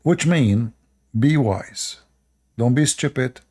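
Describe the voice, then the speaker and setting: A native Arabic-speaking man from the Middle East, with an Arabic accent, lectures viewers on his live stream, repeating short commands in broken grammar. He takes it slowly, with lively intonation in a medium-pitched, slightly mellow voice, in a casual monologue.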